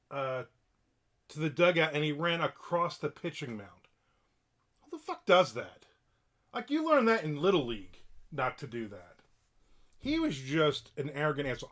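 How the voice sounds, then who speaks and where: Middle-aged guy ranting on his stream, blunt and swears a lot, voice sits a bit high. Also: a bit bright. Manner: blunt, profane and opinionated. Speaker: livestream host. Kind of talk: casual livestream rant.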